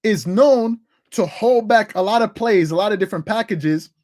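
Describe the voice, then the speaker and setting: A man's voice: high voice, moderate pace. Guy hosting a sports livestream, rambly, keeps repeating himself, voice jumps way up when he gets going. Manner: rambling, repeats himself, reads out chat comments; animated, voice jumps up when excited. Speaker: sports talk livestream host. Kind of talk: casual livestream chat.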